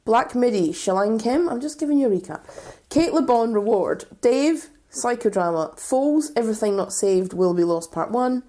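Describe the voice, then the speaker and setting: A woman's voice: fairly high pitch, expressive, moderate pace, few pauses, dark tone. A woman co-hosting a casual podcast, chatting and reading lists from her notes with frequent ums. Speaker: podcast co-host.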